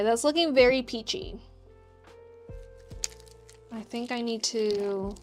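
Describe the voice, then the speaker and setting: A woman with a high voice chats with her livestream viewers as she crafts. She talks at a slow, easy pace and laughs often. Soft music plays faintly behind her. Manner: chatty and upbeat, laughs often, answers chat questions. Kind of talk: casual chat with live chat while crafting.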